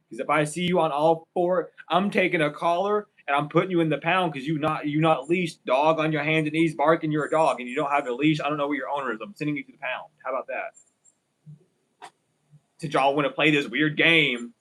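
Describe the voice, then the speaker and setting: A man's voice: on the high side, brisk, fairly bright tone, rough recording. A man doing a casual tarot reading for viewers, ranting and swearing as he talks straight to them. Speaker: tarot reader.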